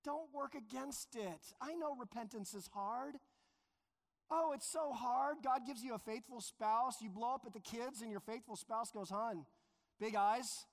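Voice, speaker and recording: A man preaching a sermon as pastor, earnest and emphatic, slowing down to stress key phrases. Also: extremely high pitch. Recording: long reverb of a large hall.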